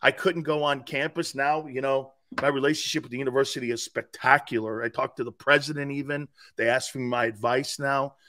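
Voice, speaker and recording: Animated, emphatic man in his fifties. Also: mid-range voice, brisk, few pauses, slight background noise. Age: 50s. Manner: animated and emphatic, with loud outbursts and repeated words. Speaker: guest, former player and sports radio host. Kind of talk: casual podcast interview.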